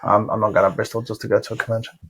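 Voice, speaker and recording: A man's voice: fairly low pitch, level tone, racing, background noise. A man co-hosting a podcast about tattooing, casually teasing his co-host with sweary interjections. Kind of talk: casual chat.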